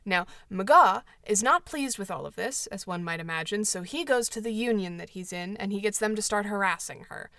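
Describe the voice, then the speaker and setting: A woman's voice: medium pitch, a bit bright, dry recording, studio quality. A woman hosting a book club show, summarizing an old novel with wry, joking asides.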